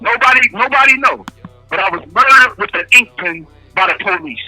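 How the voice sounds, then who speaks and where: High, bright-voiced man, emphatic and repetitive. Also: lively intonation, a little fast, soft background music, poor audio. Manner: emphatic, repeats key phrases, street-casual speech. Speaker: incarcerated interviewee. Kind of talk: impassioned interview answers.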